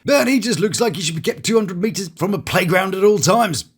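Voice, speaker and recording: Fairly quick and slightly rough, the high-pitched voice of this British man has a lively intonation. He reviews reality TV, offering sarcastic, jokey scripted commentary with mock-theatrical asides, in the British English of someone from Britain.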